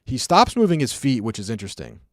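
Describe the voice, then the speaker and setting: A man's voice: mid-range voice, very animated, fast talker, dry recording, studio quality. Chatty young man breaking down hockey. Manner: chatty, rambling, acts out sounds, many fillers. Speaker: streamer breaking down hockey clips. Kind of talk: casual commentary.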